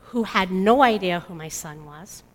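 A middle-aged mother giving an emotional personal testimony, halting and restarting often. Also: lowish voice, lively intonation. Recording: long hall reverb.

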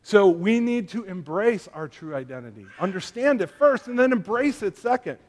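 A man with a fairly high voice preaching a sermon. He talks in a loose, conversational way, full of fillers and asides, and he mixes humor from family stories into his teaching. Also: very animated, moderate pace. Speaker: pastor.

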